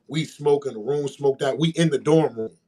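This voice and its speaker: At a moderate pace, a podcast co-host shares a story in relaxed conversation. He animatedly performs the characters, leaping in pitch whenever he quotes them.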